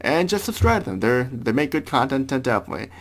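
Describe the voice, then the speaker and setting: A man of middling pitch hosts a relaxed gaming podcast. He speaks casually, often stumbling and repeating words as he lines up what comes next. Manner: halting, repeats words when wrapping up. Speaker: podcast host.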